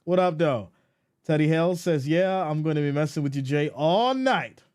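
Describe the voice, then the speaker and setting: Man, sports live stream host, fairly high voice, swinging pitch, reads chat aloud, mock-exasperated banter. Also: expressive, moderate pace, a little mellow, clear, resonant tone.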